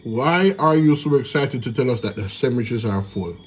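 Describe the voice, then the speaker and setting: A man's voice: mid-range voice, expressive, fairly quick, husky. A man reacting to news clips in casual commentary, incredulous and ranting. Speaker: reaction channel host.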